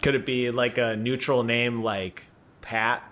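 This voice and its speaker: A man co-hosting a gaming podcast in casual chat, teasing and animated, laughing often. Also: mid-range voice, unhurried, muffled recording, slight background noise. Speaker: podcast co-host.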